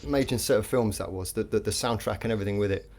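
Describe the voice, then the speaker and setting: A man's voice: fairly low pitch, racing, a little mellow. A man on a casual live-stream chat, asking a question in a hesitant, rambling way with many fillers.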